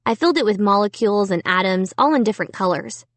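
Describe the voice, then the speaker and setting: A woman narrating a children's book in an unhurried, expressive first-person telling. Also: mid-range voice, dry recording. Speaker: audiobook narrator. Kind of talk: storybook narration.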